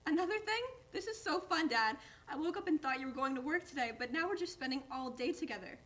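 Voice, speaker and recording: A chatty, high-voiced pet dog. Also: female voice, lively intonation, fast talker, fairly bright tone. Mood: excited. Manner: chatty, keeps calling his owner "Dad". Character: eager chatty young male pet dog. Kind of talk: staged play reading.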